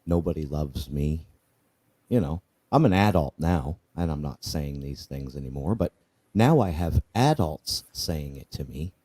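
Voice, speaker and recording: A man's voice: very deep voice, animated, normal speed, mellow, breathy edge. A man telling his personal testimony in an earnest, candid way, often repeating himself and asking "right?". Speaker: guest sharing his life story.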